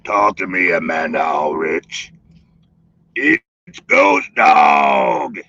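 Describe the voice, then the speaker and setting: A man putting on a slow, deep, mock-powerful joke voice on a live stream. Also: sharp tone, husky, full character voice. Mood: teasing. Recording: dull lo-fi dry stream audio.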